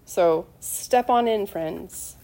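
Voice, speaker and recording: A woman's voice: mid-range voice, extremely slow, warm tone. A middle-aged woman preaching a sermon in a heartfelt, conversational way, calling the congregation to answer amen. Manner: emotional, conversational, asks the congregation for amens.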